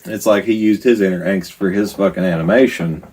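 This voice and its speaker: A man co-hosting a podcast in casual chat, relaxed and swearing a lot, with plenty of fillers. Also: sits low, a little fast, recorded from a distance, a little hiss or hum, poor audio. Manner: laid-back, swears a lot, many fillers. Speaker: podcast co-host.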